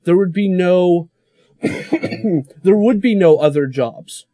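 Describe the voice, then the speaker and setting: A man's voice: sits high, lively intonation, slow, mellow, dry recording, clean studio sound. Teasing male podcast co-host. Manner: joking, teasing. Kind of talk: casual tech podcast chat.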